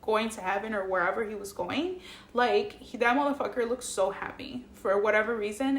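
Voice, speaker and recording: A woman's voice: medium pitch, brisk, gravelly, slight background noise. A young woman vlogger telling a personal story, casual, emotional and full of swearing and fillers. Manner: profane, emotional, lots of fillers. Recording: echoey room.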